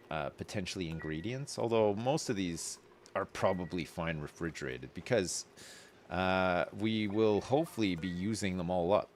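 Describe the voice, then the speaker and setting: Low-voiced man rambling through a game. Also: a little hiss or hum. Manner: rambling, thinks aloud with frequent fillers and quick excited reactions. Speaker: game streamer. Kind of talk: casual gameplay commentary.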